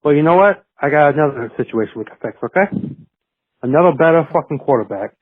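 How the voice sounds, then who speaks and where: A fast-talking, swearing New York sports fan, put on by a male caller, fires off a profane rant. His voice sits a bit high and comes through a tinny phone line. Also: expressive, no echo. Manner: profane, rapid ranting, heavily put-on New York accent. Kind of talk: call-in rant.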